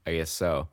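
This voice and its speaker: A man with a very low, deep voice co-hosting a podcast, reading out reviews in a dry, chuckling way. The recording is close and dead, with no room sound at all. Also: no echo. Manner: dry, laughs often. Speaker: podcast co-host. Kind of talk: casual chat, reading out reviews.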